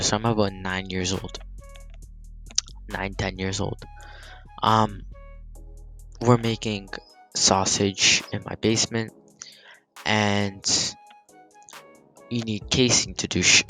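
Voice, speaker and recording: A teenage guy telling a story in a casual vlog, animated and heated, swearing freely and filling with "like". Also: lowish voice, creaky. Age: teens. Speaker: gaming channel storyteller.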